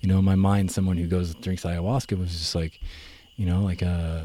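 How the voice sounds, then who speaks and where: A young man telling his story in a relaxed, rambling way, full of fillers and self-corrections. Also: low voice, brisk. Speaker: guest. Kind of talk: casual conversational storytelling.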